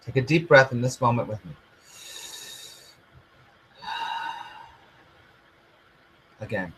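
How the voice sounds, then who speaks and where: A man who is a spiritual teacher and coach, giving an earnest, repetitive motivational lesson and often dropping to a soft near-whisper. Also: mid-range voice, lively intonation, fast, background noise.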